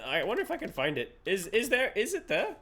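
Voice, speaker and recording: A man's voice: sits high, wildly swooping pitch, fairly quick, a bit bright. A man streaming a game live, chatting playfully, laughing often and swearing casually, at a desk mic.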